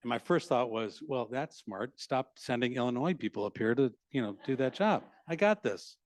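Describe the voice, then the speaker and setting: Dry-sounding man telling his story haltingly. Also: medium pitch, expressive, no room sound. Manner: halting, many restarts and fillers, self-mocking humor. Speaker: speaker at a library talk. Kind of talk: personal story told to an audience.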